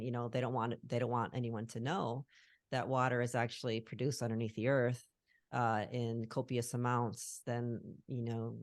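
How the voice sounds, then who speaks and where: A woman's voice: rumbling low, dry recording, clean studio sound. A middle-aged woman talking earnestly as a guest on a call, reflective and searching for her words. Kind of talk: casual conversation on a call. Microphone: call recording.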